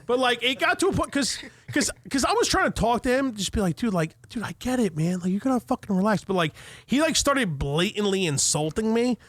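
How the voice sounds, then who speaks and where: A man spins a profane, animated story on a podcast. His voice sits high, and the sound is dry and close. He swears constantly and acts out every quoted line. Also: a little fast, dry recording. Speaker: podcast co-host. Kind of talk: casual storytelling chat.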